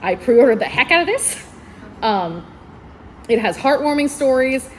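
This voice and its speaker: A woman's voice: high voice, sing-song, measured pace, a little hiss or hum. A woman librarian giving enthusiastic book recommendations at a convention panel, laughing often as she talks. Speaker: librarian presenting book picks.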